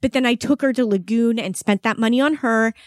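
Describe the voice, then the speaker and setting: A woman's voice: a little high, a little fast, dry recording, clean studio sound. A woman chatting casually on a podcast, talkative, laughing easily and filling her sentences with "like". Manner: chatty, laughs often, uses "like" a lot. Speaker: podcast co-host. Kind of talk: casual chat.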